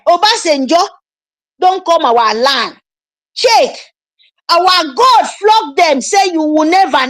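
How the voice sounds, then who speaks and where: A Nigerian woman delivers an impassioned address in a high voice that swings widely in pitch. She speaks slowly and insists, repeating herself with urgent pleading. The recording is dry and close. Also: a bit bright, no room sound. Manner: emphatic, repetitive, urgent pleading. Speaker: activist commentator.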